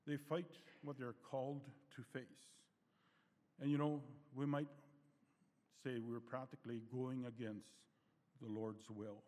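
A man preaching a sermon in a gentle, unhurried way, reading scripture in old-fashioned wording and letting his phrases fade softly at the end. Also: mid-range voice, little pitch movement. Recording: long hall reverb.

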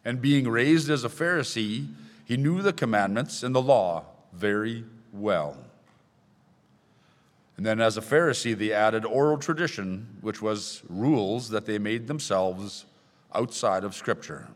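A man's voice: on the low side, expressive, measured pace. A man preaching a sermon in a church, reading scripture aloud with rising emphasis. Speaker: pastor. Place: church sanctuary. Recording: long hall reverb.

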